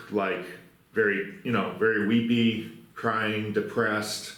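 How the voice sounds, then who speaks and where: A man's voice: on the low side, a bit bright, roomy sound, rough recording. A man co-hosting a podcast, chatting casually about a film, rambling with lots of fillers. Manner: rambling, filler-heavy retelling. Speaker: podcast co-host. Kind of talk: casual film review chat.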